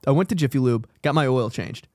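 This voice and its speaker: A man's voice: mid-range voice, brisk, mellow, no room sound, clean studio sound. A man, a comedian co-hosting a podcast, telling profane anecdotes in casual chat and acting out both sides of each exchange. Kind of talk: casual chat, comic storytelling.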